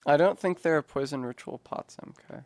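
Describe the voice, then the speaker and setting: A man live-streaming a video game, chatting casually with his viewers and swearing freely between quick asides. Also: fairly high pitch, a little mellow.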